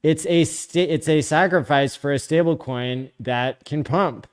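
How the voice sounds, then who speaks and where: A man hosting a live stream, reading viewer comments out loud in a blunt, sarcastic, casual way. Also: mid-range voice, animated, normal speed. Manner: blunt, sarcastic, profane, often laughing.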